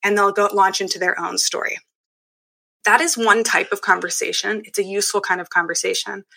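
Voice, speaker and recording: A woman speaks as an interview guest with a bright, lively tone. She explains her ideas eagerly and often acts out the things people say. Her pitch sits in a middle range for a woman. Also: a little fast, gravelly. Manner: enthusiastic, explanatory, acts out quoted speech. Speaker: guest, women's group leader. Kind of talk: casual conversation.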